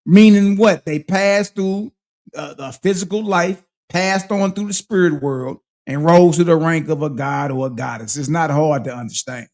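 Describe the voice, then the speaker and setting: A man hosts a casual reading of and commentary on a religious book, speaking in emphatic street slang and checking in with listeners with a rhetorical "huh?". His voice is a little high with a darkish tone, at normal speed.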